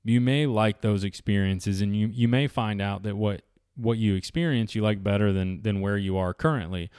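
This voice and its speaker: Man, fairly low voice, chatty and rambling, casual vlog. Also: moderate pace, a little mellow, clean tone, no room sound, studio quality. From Southeastern United States. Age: 40s. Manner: rambling, chatty, with many restarts and fillers. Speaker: vlogger. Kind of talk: casual storytelling.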